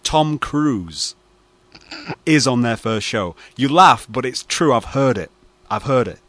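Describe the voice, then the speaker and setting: A man's voice: mid-range voice, animated, takes it slowly, fairly bright tone. A man hosting late-night radio banter, spinning a mock-serious story full of fillers. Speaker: radio host.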